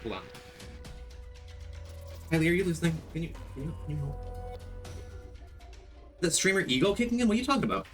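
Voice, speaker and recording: A man's voice: high voice, a bit bright. A man streaming a game, chatting casually, rambling through a story and greeting viewers by name.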